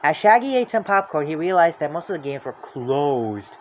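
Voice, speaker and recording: A storybook reader narrating a children's book aloud in a lively, expressive way. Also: medium pitch, normal speed, a little hiss or hum.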